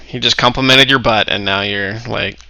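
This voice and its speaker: Game master, man, bright tense voice, dry close sound, jokey, laughs a lot. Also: lowish voice, fairly even intonation, moderate pace, dry recording, low-quality recording. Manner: laughing, joking, easily sidetracked. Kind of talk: running a tabletop game over voice chat.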